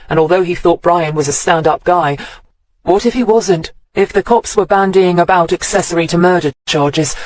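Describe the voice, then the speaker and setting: A man narrating a mystery audiobook in an even, wry storytelling manner on a close studio mic. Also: a little high.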